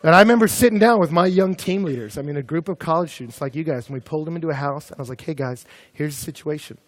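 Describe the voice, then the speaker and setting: A young man preaches a sermon to college students, animated and storytelling, at times climbing into shouting as he acts out scenes. His voice sits a little high. The sound is dry and close. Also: very fast, no room sound. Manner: animated, builds to shouting in comic retellings. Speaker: pastor. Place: campus ministry gathering.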